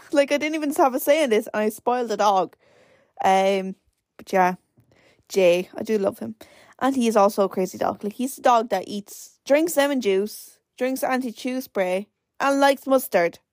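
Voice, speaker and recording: Here the same kind of speaker, a nineteen-year-old woman from Ireland hosting her podcast solo, chats casually and meanders, leaning heavily on "like." Her pitch runs on the high side and a little mellow, her pace is moderate, and the studio-quality recording is dry.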